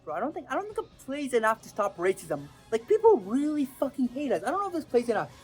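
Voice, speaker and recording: A woman's voice: high-pitched, very animated, fast talker, darkish tone, breathy edge, faint music behind, exaggerated voice. A woman voicing a teenage boy cadet who bluntly doubts things will change. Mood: doubtful.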